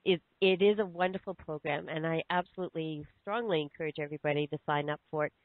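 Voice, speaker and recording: A woman podcast host asking questions in a phone interview, halting with fillers and restarts. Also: low-pitched, steady tone, no echo. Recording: tinny phone line, dry.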